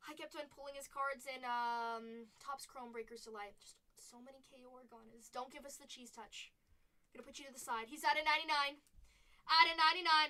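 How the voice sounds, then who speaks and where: A woman's voice: high-pitched, pushed and bright, recorded from a distance. A woman hosting a live card-opening stream from a studio, joking and gushing over each pull. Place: streaming studio under stage lights.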